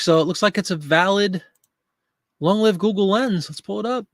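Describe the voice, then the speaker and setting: A man's voice: high voice, normal speed, a bit bright, dry recording, studio quality. A man in his fifties hosting a live listing stream, chatting casually, joking and talking to viewers in chat.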